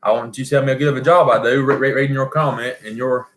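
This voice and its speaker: A man's voice: mid-range voice, fairly even intonation, quick pace, fairly bright tone. Folksy Southern male livestream host, echoey room. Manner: folksy, rambling, reads viewer comments aloud. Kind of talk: casual livestream chat.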